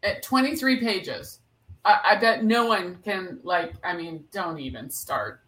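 A woman co-hosting a podcast in casual chat, excitable and quick to gush. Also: on the low side. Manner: excitable, gushing exclamations. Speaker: podcast co-host.

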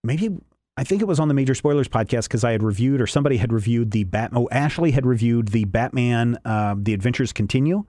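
Guy chatting about comics on a podcast, mid pitch, rambly, dry close sound. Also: fast, dark tone, dry recording. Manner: rambling, with restarts and self-corrections. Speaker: podcast co-host reviewing comics. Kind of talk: casual review chat.

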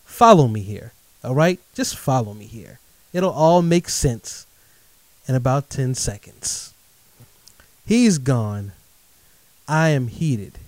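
A middle-aged man telling a true story in a lively monologue, speaking directly to his listeners. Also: medium pitch, no room sound. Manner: animated, addresses audience directly as folks.

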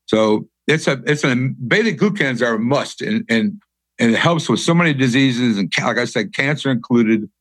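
Host guy, pitch jumps around a lot, keeps tripping over words, dry sound. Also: animated, moderate pace, no echo. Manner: enthusiastic, stumbling, asks questions. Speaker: podcast host. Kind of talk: conversational interview.

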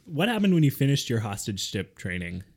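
A man hosting a comedy podcast, firing off quick wisecracks and mock-formal announcements. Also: medium pitch, sing-song, darkish tone. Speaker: podcast host.

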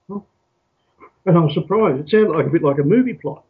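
Husky-voiced man on a tinny call. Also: on the high side. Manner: halting, repeats words, soft pauses. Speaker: interview guest. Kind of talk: reflective storytelling. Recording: tinny phone-like call audio.

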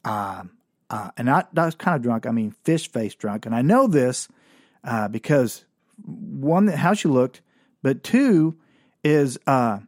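A man's voice: mid-range voice, sing-song, takes it slowly, no room sound, studio quality. A man telling a comic personal story in a casual, slangy, wry way.

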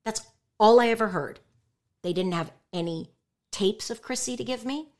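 A woman's voice: medium pitch, normal speed. A woman who is a voice actress and stand-up comedian, talking candidly and emphatically in an interview. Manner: animated, emphatic, outspoken.

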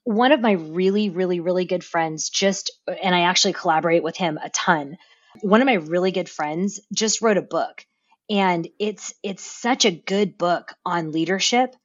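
A woman speaking as a podcast guest in casual interview talk, animated and given to repeating words as she tells her story. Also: fairly low pitch, normal speed, lo-fi sound. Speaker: podcast guest, business owner.

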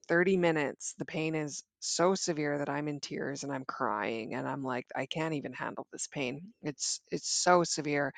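A woman tells a personal story as an interview guest, her voice gravelly with steady vocal fry. She speaks haltingly, restarting phrases, and the recording is close and dry with no room sound. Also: sits low, no echo. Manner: halting, frequent restarts and fillers.

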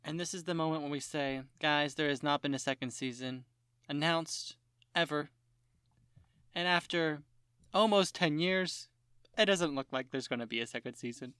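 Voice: medium pitch, normal speed, fairly bright tone, clean tone, no echo. Joking podcast co-host, dry sound. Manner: joking, sarcastic asides. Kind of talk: casual chat, reading a synopsis.

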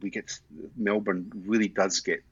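A man's voice: on the low side, level tone, a little slow, slightly rough, dry recording, muffled recording. A Scottish man chatting enthusiastically as a podcast guest, often restarting and repeating words. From Scotland. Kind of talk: casual interview chat.

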